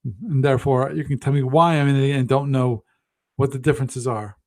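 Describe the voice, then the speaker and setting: A man's voice: medium pitch, fairly even intonation, a little fast. A man hosting a live stream, chatting casually and thinking aloud, with frequent restarts and self-deprecating asides. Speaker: host of a gaming livestream.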